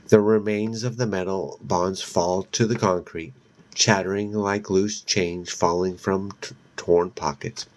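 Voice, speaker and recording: Slow, deep-voiced man reading horror. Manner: slow, deliberate first-person narration. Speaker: audiobook reader.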